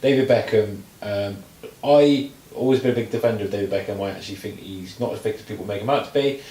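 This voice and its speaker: A man co-hosting a casual chat, rambling through films with lots of fillers and restarts, turning animated when he mocks something. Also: lowish voice, fast talker, roomy sound, distant mic, poor audio. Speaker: podcast co-host.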